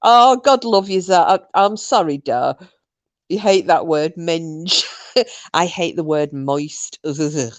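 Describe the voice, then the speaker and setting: A woman's voice: on the low side, slow, no room sound. A woman hosting a casual live-stream quiz night, answering viewer comments and often breaking into laughter. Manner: giggly, often bursting into laughter.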